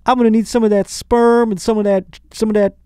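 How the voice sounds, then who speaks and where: A man's voice: sits high, flat delivery, fairly quick, warm tone, smooth, dry recording, clean studio sound, voice pushed up, close to an everyday voice. A man doing an impression of a famous man, wheedling and brash in a buddy-buddy way. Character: impression of a famous sly ex-athlete, middle-aged man.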